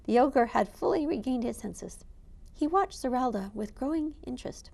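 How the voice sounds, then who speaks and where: Woman reading a kids story out loud, expressive, kinda high voice. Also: moderate pace, gravelly. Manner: expressive, animated read-aloud. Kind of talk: reading a picture book aloud.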